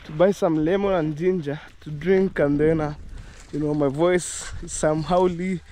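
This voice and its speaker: A man's voice: a little high, steady tone, normal speed, mellow. A man chatting casually to his viewers outdoors on a rural farm, laughing often and apologizing as he herds cows. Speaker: village life vlogger. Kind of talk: casual vlog talk to viewers.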